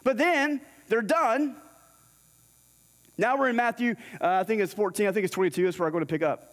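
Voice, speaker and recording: A man's voice: sits high, fairly quick. A man preaching a sermon in a church, telling a scripture story and acting out the characters' lines. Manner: storytelling, acts out the dialogue in scripture. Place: church sanctuary. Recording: long hall reverb.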